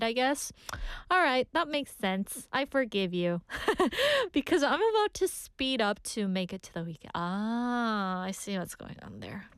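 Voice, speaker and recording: A woman's voice: medium pitch, a bit bright, smooth, no echo, studio quality. A young woman hosting a radio show, chatting and laughing as she reads listener messages. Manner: bubbly, chatty, laughs often. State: out of breath. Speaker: radio host. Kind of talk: casual radio chat reading listener messages.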